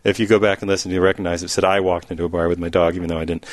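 A man's voice: deep voice, little pitch movement, very fast, no echo. A man co-hosting a casual talk show, telling a rambling joke and laughing often. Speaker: co-host. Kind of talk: casual chat.

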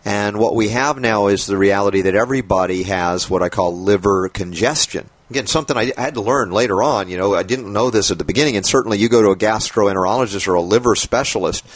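A man's voice: lowish voice, quick pace, hardly any pauses, no room sound. A man hosting a radio health talk show, talking casually and animatedly, laughing often.

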